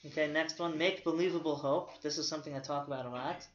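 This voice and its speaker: A man's voice: on the high side, steady tone, quick pace, slight background noise. Man therapist lecturing in an echoey room. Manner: checks in with "okay?" after nearly every point; informal and conversational, with personal examples. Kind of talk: recovery lecture with slides. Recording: roomy, dull lo-fi audio.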